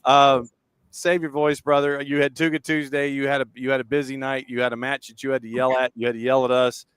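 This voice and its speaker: Male show host, smooth and relaxed, dry close sound. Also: mid-range voice, a little fast, no room sound. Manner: relaxed, runs through betting odds in a list. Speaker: podcast host. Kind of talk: casual chat.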